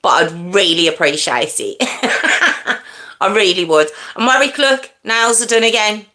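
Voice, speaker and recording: A woman's voice: mid-range voice, animated, measured pace, bright, forceful tone. A woman hosting a live stream, chatting casually with viewers and greeting them by name. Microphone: earpiece in.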